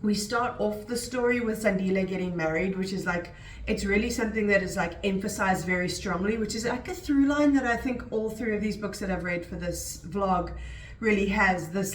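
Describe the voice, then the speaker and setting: A woman's voice: mid-range voice, distant mic. A woman talks through her day and her reading in a loose, rambling vlog chat, dropping "like" and "um" often. Her voice sits a little off the mic in an echoey room, with faint noise underneath. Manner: chatty, rambling with frequent "like" and "um". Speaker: book vlogger.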